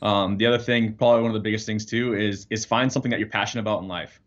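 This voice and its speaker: A man's voice: lowish voice, fairly even intonation, racing. A man, an air force firefighter, talking earnestly as a guest over a video call, with fillers. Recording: dull lo-fi video call audio.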